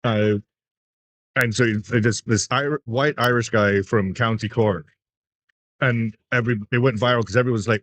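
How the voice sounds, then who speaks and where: A man's voice: medium pitch, fairly even intonation, moderate pace, a bit bright. A man from England chatting as a pool stream commentator, telling stories and laughing often. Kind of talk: casual commentary chat.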